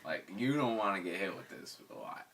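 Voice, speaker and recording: Talking a little fast in a deep voice, a young man spins a slangy, animated anecdote for his friends and laughs often along the way. He is recorded from a distance, with a little hiss or hum.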